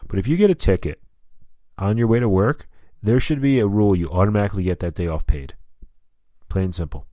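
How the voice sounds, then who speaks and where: Male podcast host, low voice, dry close sound, casual and profane monologue. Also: fast talker, warm tone, dry recording. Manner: profane, rambling and candid. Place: lives in Albuquerque.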